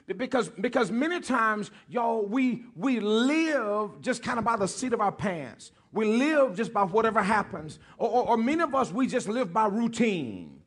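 Male pastor, high husky voice, playful preaching with call-and-response. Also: lively intonation, normal speed, few pauses, fairly bright tone. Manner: joking with the congregation, calling for responses; repeats key phrases for emphasis. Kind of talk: sermon.

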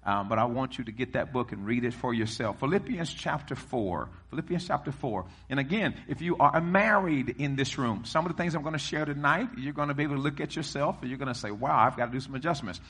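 A middle-aged man preaching a sermon to a congregation, leading call-and-response and rising to shouts. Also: medium pitch, lively intonation, quick pace, few pauses, slightly rough. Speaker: pastor. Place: church hall before a congregation.

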